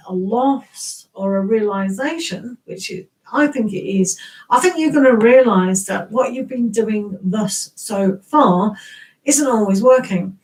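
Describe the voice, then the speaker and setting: An English woman with a somewhat high voice talks through a tarot reading in a loose, conversational way. She chats to viewers, laughs often and trips over her words as she goes. Her voice sounds a little distant from the microphone. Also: darkish tone. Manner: chatty and rambling, greets viewers, laughs often, many restarts. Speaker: tarot reader hosting a live stream. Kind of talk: casual live-stream reading.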